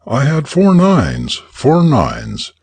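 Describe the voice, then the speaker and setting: A man's voice: mid-range voice, huge pitch swings, extremely slow, a little mellow, husky, no room sound, pitched above the performer's own voice, exaggerated voice. A man voicing a distressed young man explaining away a gambling loss. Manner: distressed, pleading. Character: anxious young man who lost at poker.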